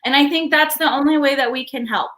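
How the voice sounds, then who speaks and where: A young adult woman hosting a podcast live stream, telling stories in a chatty, animated way. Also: sits high, fast. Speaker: podcast host. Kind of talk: casual live-stream chat.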